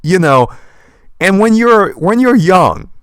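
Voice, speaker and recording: A young man with a slight lisp rambling in animated commentary while reading a manga aloud, dropping in old-fashioned verb endings. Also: sits high, no echo, clean studio sound. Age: young adult. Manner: animated, fast and passionate talker.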